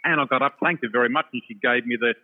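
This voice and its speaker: A man telling an animated personal story, laughing often and acting out the other voices, from a shopping centre. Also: medium pitch, quick pace. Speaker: storyteller guest. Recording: tinny phone line with long reverb.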